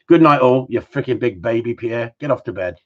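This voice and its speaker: A man hosting a casual live-stream Q&A from home, rambling and joking with mild swearing. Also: medium pitch. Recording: slightly dull lo-fi sound.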